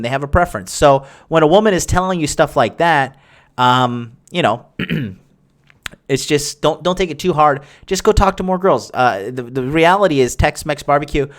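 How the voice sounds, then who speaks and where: A young man hosting a podcast, talking crudely and boastfully in a rambling casual monologue. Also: a little high. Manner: rambling, with many fillers and restarts. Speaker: podcast host answering listener questions.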